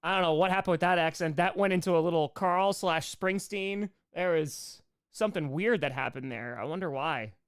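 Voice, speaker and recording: Smooth-voiced man rambling on stream. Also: fairly high pitch, normal speed, no echo, clean studio sound. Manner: rambling, enthusiastic, self-teasing. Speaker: comedian hosting a rewatch stream. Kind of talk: casual live commentary.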